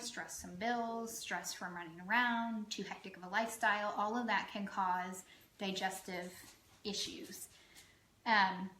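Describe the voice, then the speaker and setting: A chatty woman talks to the camera as a health coach, bright and forceful in tone, dropping "um" between thoughts. Her voice carries the ring of an echoey room. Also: mid-range voice. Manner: chatty, frequent "um" fillers, self-deprecating asides. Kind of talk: casual educational talk to camera.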